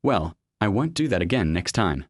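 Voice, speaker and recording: A man's voice: low-pitched, very animated, normal speed, dry recording. A man voicing a cheeky, sly young man who teases and then backs off sheepishly in a storybook reading. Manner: sheepish, teasing delivery.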